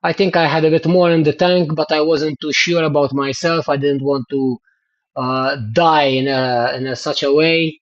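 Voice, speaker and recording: A man chatting excitedly to his livestream viewers about his cycling race results, exclaiming often. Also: fairly high pitch, normal speed, dull audio. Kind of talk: casual livestream chat.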